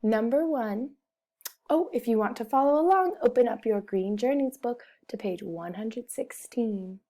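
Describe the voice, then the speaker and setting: A woman teaching first grade gives a phonics lesson to young kids, exaggerating each word's sounds and saying it again. She talks at a measured pace, her voice on the high side with a dark tone.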